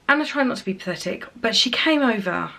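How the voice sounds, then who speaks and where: Soft-spoken mum, higher voice. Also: female voice, gravelly. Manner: soft-spoken, often dropping quiet and tearful. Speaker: parent vlogger. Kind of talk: emotional casual vlog.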